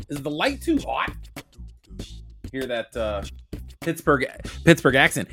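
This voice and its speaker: A man in his thirties hosting a casual podcast, rambling loosely and saying "dude" and "boom" all the time. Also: sing-song, measured pace, pauses often, fairly bright tone, soft background music. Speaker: podcast host.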